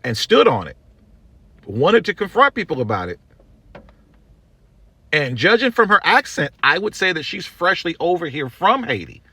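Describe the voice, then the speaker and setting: A man's voice: fairly high pitch, very animated, moderate pace, pauses often, bright, forceful tone, slightly rough, dry recording. A man from the United States hosting his own show, delivering a blunt, slangy opinion rant. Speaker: show host. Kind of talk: opinion commentary monologue.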